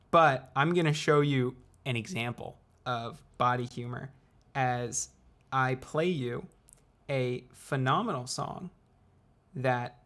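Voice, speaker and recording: A young man hosts a casual explanatory vlog at a mid-range pitch. He is playful and unhurried and leaves deliberate pauses between phrases. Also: bright, forceful tone. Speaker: student video creator.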